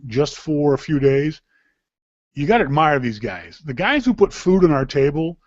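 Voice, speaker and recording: A man from Canada hosts a casual podcast, talking in a rambling, chatty way at an ordinary middle pitch. His sound is dull and lo-fi, and it is dry, with no room echo. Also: darkish tone. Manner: rambling, chatty, with frequent restarts and laughs. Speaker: podcast host. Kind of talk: casual chat.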